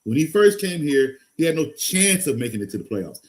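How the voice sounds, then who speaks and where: Excitable man hosting a live stream. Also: a little fast. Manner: excitable, loose and rambling, swings from loud hype to low muttering. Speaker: fantasy football show host. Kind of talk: casual live-stream talk.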